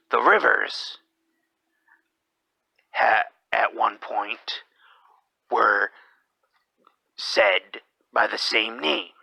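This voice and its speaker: Slow gravelly man, brooding monologue. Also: medium pitch, sharp tone, dry recording, poor audio. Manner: slips into whispers mid-sentence; rambling, hesitant delivery. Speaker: podcast host.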